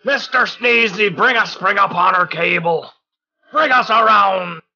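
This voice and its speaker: A man's voice: fairly high pitch, slow, sharp tone, highs cut off, exaggerated voice. A man voicing a bold adult male pirate lookout who barks commands at the crew. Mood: commanding.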